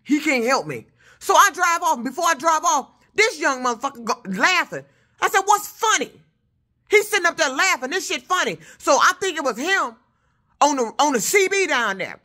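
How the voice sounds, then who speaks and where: Loud, high, bright-voiced truck driver woman ranting. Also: big pitch swings, fairly quick. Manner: loud, heated, profane storytelling. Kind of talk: casual vlog rant.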